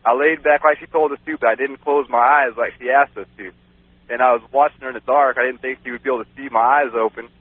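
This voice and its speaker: This male radio guest speaks quickly in a mid-range voice with fairly even intonation, telling a rambling personal story full of fillers, laughs, and frequent "you know"s. The casual tale comes through a dry, phone-like radio recording.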